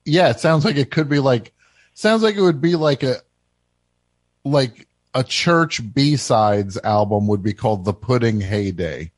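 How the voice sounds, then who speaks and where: Brief: male call-in host, mid pitch, deadpan, halting, dry close sound. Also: no room sound. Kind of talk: casual call-in radio chat.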